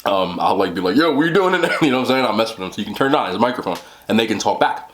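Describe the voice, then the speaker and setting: A man's voice: lowish voice, racing, background noise. A man hosting an eating show, rambling casually with lots of "like" and "you know". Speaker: mukbang host. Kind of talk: casual chat while eating.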